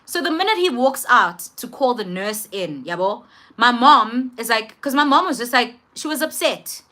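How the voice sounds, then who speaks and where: Young south african woman telling her story, kinda high voice, animated and punchy. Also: moderate pace. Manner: animated, emphatic, switches languages mid-sentence. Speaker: vlogger. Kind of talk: storytime monologue.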